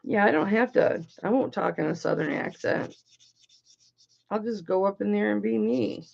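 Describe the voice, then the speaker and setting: Gravelly-voiced woman hosting a jewelry auction. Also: medium pitch, normal speed, a little mellow, lo-fi sound. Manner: chatty, bawdy joking while working. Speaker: online jewelry auction host. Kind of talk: casual livestream selling chat.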